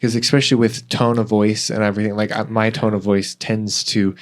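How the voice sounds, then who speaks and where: Young man hosting, low and halting. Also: level tone. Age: young adult. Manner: agreeable, summarizing, halting with restarts. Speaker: podcast host. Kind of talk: casual conversation.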